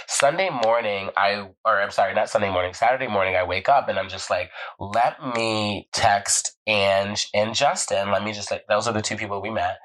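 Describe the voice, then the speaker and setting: Young male vlogger, slightly low voice, animated storyteller who jumps into character voices. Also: normal speed, rough recording. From Southern California. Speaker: vlog host. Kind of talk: casual storytelling.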